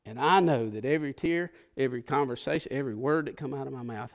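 A man preaching a sermon in an emotional, conversational way, moving from hushed confession to fervent pleas. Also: medium pitch, fast. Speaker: pastor.

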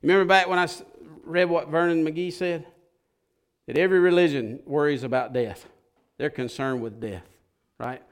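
A man preaching a sermon as pastor, folksy and impassioned, swinging from hushed lines to loud ones. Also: on the high side, steady tone, normal speed, clean tone.

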